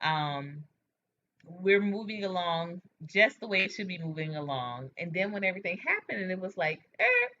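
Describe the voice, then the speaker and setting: Woman livestream host, frank and animated, bright voice, dull lo-fi webcam sound. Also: fairly low pitch, normal speed, slight background noise. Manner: animated, frank, reads out and answers viewer comments. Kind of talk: casual chat with viewers. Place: home, at night. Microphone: webcam or phone mic.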